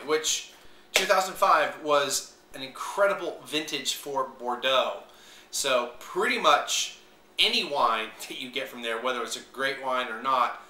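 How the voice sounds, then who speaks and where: Casual vlogger man, bright tone, rambling with fillers, recorded from a distance in a roomy space. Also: medium pitch, slight background noise. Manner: rambling, many fillers, unsure of pronunciations. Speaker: wine reviewer. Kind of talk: casual video review. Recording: echoey room, voice away from mic.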